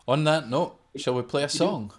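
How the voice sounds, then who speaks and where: A man's voice: fairly high pitch, moderate pace, breathy edge. A Scottish man in a folk band, introducing a song in easygoing live-stream chat.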